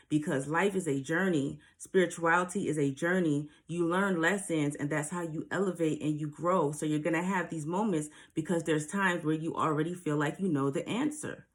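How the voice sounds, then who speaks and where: A woman with a slightly low voice talks straight to her viewers about spiritual growth. She is earnest and a touch preachy, and she keeps checking in with questions to make her point land. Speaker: spiritual advice vlogger. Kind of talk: casual spiritual advice monologue.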